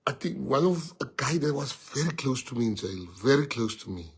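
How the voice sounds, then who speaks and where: A South African politician telling an animated anecdote with laughter, sliding into Afrikaans. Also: male voice, mid-range voice, brisk, slight background noise. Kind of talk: storytelling anecdote in conversation.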